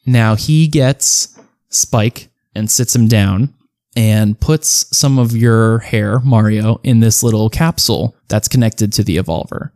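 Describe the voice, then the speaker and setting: A man's voice: fairly low pitch, a little mellow, dry recording, studio quality. Rambling man running a tabletop game. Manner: rambling, halting, laughs often. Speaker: game master.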